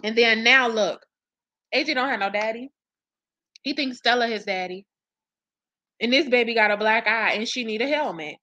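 Woman vlog host, blunt and profane, bright tense voice, a little high, dry close mic. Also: normal speed, pauses often, no echo. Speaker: commentary channel host. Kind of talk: casual gossip commentary to viewers.

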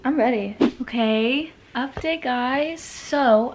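A woman's voice: medium pitch, brisk, fairly bright tone, slight background noise. A woman in her twenties talking casually to the camera in her vlog, chatty and full of "like" and "literally". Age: 20s. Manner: chatty, says "like" and "literally" often. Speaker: college vlogger. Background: music.

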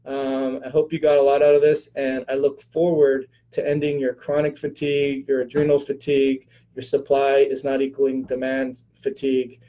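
A man's voice: mid-range voice, completely flat delivery, moderate pace, few pauses, dark tone, rough recording. A middle-aged man hosting a casual live-stream Q&A, chatty, with many fillers, greeting viewers by name.

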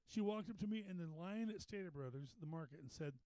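High-voiced folksy preacher man. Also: expressive, fast talker, warm tone, dry recording, rough recording. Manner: folksy, repeats words, rises to a preaching pitch. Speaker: pastor. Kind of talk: storytelling sermon. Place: Bible study meeting room.

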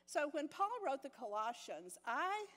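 An older woman with a fairly high voice teaches a women's Bible study. She tells a personal story with self-deprecating humor and laughs often. Her voice carries with a long echo through a church hall. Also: sing-song, unhurried, a bit bright.

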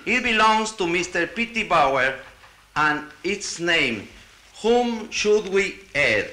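Heard on a 1960 tape made in a reverberant hall, a man from Latin America delivers a conference speech, partly read from his paper. His bright voice sits high with big pitch swings, and his delivery is halting, full of restarts and wry comments.

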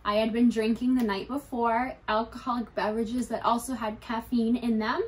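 A woman's voice: a little high, little pitch movement, normal speed. A young adult woman candidly telling a personal story to her vlog viewers, conversational and lightly humorous. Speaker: YouTuber.

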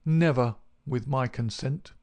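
A man's voice: medium pitch, unhurried, darkish tone, lightly acted. A man voicing a big, bald, unctuous male swindler in an audiobook, his talk oily and mocking. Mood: indignant. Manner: oily, made-everything-easy talk. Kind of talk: audiobook character reading.

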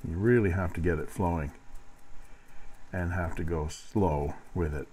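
Male reviewer, deep and mellow, dry wry delivery while demonstrating pens. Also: measured pace, a little hiss or hum, low-quality recording. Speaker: fountain pen reviewer. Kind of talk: product review narration.

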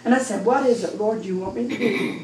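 A middle-aged woman with a Midwestern American accent gives a heartfelt personal testimony in church, her voice rising toward near-shouting as she recounts praising God. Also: medium pitch, a little fast. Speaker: church member giving testimony. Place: church sanctuary. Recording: echoey room, distant mic, faint noise.

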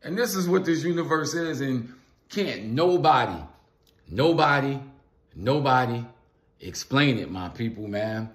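In an echoey room, a man vlogs a casual philosophical monologue, repeating phrases for emphasis and calling out to viewers in loose slang. His medium-pitched voice has lively intonation and a slightly slow pace.

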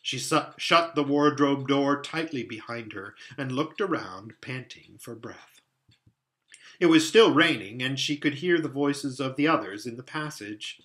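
Man reading aloud, bright, lively, expressive storyteller. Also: mid-range voice, unhurried. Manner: expressive, animated narration. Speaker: storybook reader.

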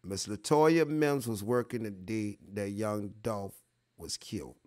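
Speaking at a measured pace with a lowish, somewhat dark voice, an online show host chats straight to his livestream audience. His talk is casual, rambling, and profane, and he repeats things to drive them home.

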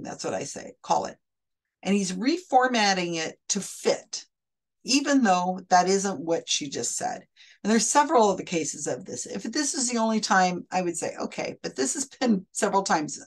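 A woman commenting analytically on a recorded psychic reading, explaining and restating quotes in a picky, careful way. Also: medium pitch. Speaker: skeptic commentator.

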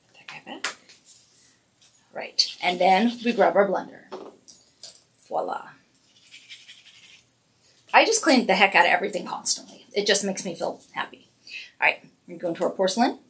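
A woman's voice: medium pitch, animated, quick pace, a bit bright. A woman hosting a casual weekly livestream makeup tutorial, chatty and encouraging as she narrates each step. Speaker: makeup brand host doing a weekly live demo.

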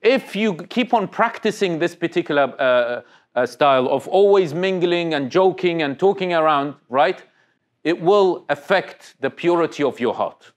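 Man, slightly high voice, religious talk, conversational, questions the crowd. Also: animated, normal speed. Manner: conversational, questions the audience, many restarts. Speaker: Islamic speaker. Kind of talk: interactive religious talk to youth.

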